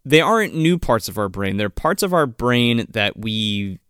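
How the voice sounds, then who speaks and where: A man's voice: medium pitch, very animated, unhurried, fairly bright tone, clean tone, no room sound, clean studio sound. A man co-hosting a casual podcast, recapping a movie in a rambling, profane way and laughing often. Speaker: podcast co-host. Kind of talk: casual chat recapping a film.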